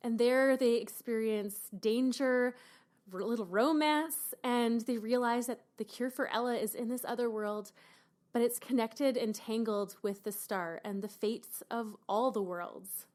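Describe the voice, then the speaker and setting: A woman author from Canada, talking in an animated, expressive way about her book in a radio interview. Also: fairly high pitch, a little slow. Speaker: author guest.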